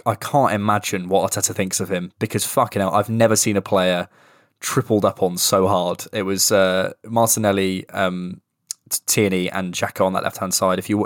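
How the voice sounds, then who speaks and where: Low-voiced man breaking down tactics. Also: dry recording, studio quality. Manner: analytical, talks fast in bursts with frequent restarts and swearing. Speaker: football podcast co-host. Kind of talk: casual football podcast chat.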